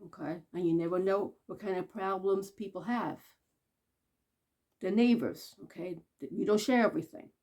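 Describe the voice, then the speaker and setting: At a moderate pace, this woman vlogs a personal story in a chatty, casual tone, going high to quote people and becoming soft and subdued for the sad parts.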